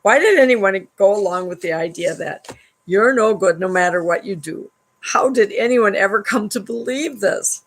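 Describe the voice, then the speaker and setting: A woman's voice: medium pitch, lively intonation, moderate pace, rough recording. A woman hosting a live stream at home, reading a book aloud and adding wry commentary, laughing often between passages.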